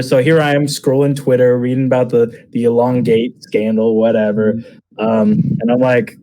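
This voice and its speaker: A man's voice: mid-range voice, steady tone, normal speed, mellow. A young man telling a crude improvised comic story on a podcast, rambling and losing his place. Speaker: podcast guest.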